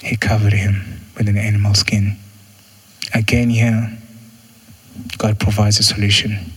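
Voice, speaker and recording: Husky-voiced man preaching casually. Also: fairly bright tone. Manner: conversational, acts out quotes with jumps in pitch. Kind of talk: sermon.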